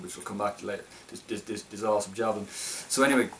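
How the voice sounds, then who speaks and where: A man's voice: on the low side, steady tone, very fast, fairly bright tone, distant mic, a little hiss or hum. A man casually reviewing a film, talking in a hesitant, stop-start way with many restarts.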